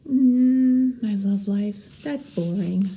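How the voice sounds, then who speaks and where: A woman's voice: mid-range voice, slow pace, mellow. A woman as guest in a casual vlog chat, dry and blunt.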